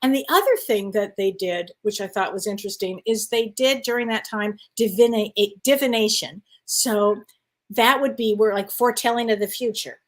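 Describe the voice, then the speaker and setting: A middle-aged woman co-hosting a casual live online show, chatty and quick to laugh. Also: mid-range voice. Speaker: co-host. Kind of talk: casual live-stream chat.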